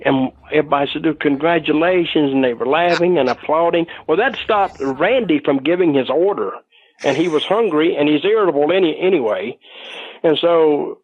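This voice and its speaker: A man's voice: fairly high pitch, dry recording, phone-quality sound. An older man casually telling a rambling anecdote, swearing freely and chuckling as he goes. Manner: rambling, salty, chuckling storyteller. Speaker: storytelling guest. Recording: noisy background.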